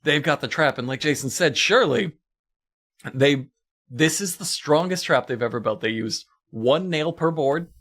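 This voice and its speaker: A man co-hosting a comedy podcast, recapping a show with animated storytelling and frequent laughter. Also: a little high, moderate pace. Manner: animated storytelling, laughs often, acts out quotes. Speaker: podcast co-host.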